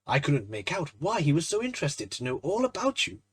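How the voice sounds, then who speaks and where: A man voicing a jovial male painter who laughs at and teases his friend, in a loud, hearty way, in a storybook reading. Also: on the high side, sing-song, a little fast, breathy edge. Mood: hearty, amused.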